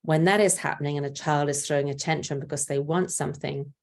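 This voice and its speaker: An older woman with a low, grounded voice gives parenting advice in a gentle, patient way. She explains calmly and steps into short spoken examples of what a parent might say to a child. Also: quick pace. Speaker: parenting speaker. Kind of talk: parenting talk.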